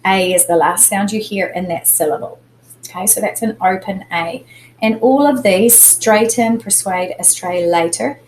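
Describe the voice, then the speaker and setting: A woman's voice: mid-range voice, darkish tone, slight background noise, poor audio. Patient woman teacher explaining spelling. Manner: patient, explains step by step, stresses syllables. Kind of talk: recorded spelling lesson for students.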